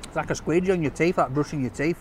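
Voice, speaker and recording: Male food vlogger, jokey and upbeat, slightly high voice, recorded outdoors. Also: quick pace, a little hiss or hum. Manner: chatty, enthusiastic, jokey. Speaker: takeaway reviewer. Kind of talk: casual food review vlog.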